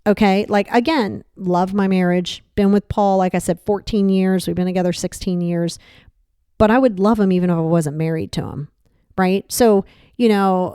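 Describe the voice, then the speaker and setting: A frank woman in her fifties talks straight into a close podcast mic, blunt and casual, swearing as she goes. Her voice sits mid-range, and the sound is dry and close, with no room around it. She jumps up in pitch to hammer home a point. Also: moderate pace, smooth, no echo. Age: 50s. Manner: animated, pitch jumps for emphasis. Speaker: podcast host. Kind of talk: casual monologue.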